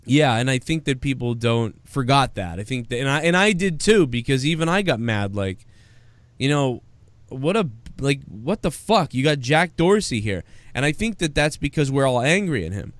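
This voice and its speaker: A man's voice: mid-range voice, big pitch swings, normal speed, dry recording. Male live-stream host, rambling and crude, reads donations; clean resonant voice, close and dry. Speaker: show host. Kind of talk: casual live-stream chat.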